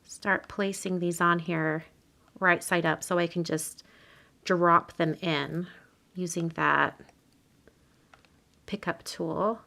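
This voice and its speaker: A woman hosting a live card-making demo, chatting casually and dropping to soft murmurs while she works in her home craft room. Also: fairly low pitch, fairly even intonation, slow, vocal fry, pauses often.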